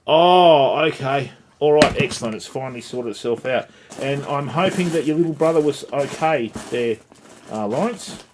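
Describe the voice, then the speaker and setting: With a fairly high voice and background noise around him, a middle-aged man hosts a casual fly-tying tutorial on a live stream. He chats with viewers as he works, greets them by name, and says "mate" and "okay" often.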